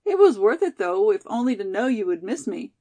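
A woman's voice: mid-range voice, big pitch swings, a little fast, mellow. A woman voicing a remorseful young college girl who speaks in a pleading, emphatic way.

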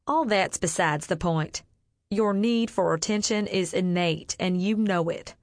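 A woman's voice: fairly low pitch, unhurried, dry recording, studio quality, natural voice. A woman voicing a stern, scolding Southern mama. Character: stern Southern mother, sharp-tongued, proud.

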